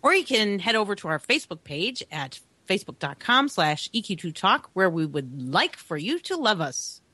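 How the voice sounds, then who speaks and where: A woman's voice: mid-range voice, sing-song, normal speed, pushed and bright, no echo. A woman co-hosting a gaming podcast, playful and often laughing as she rambles through casual banter. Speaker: podcast co-host.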